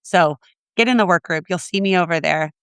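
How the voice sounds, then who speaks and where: A woman hosting a podcast with a raspy voice, chatty and upbeat as she wraps up and promotes her community. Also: on the low side, fairly quick, fairly bright tone, no room sound, studio quality. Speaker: podcast host. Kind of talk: casual podcast talk and outro.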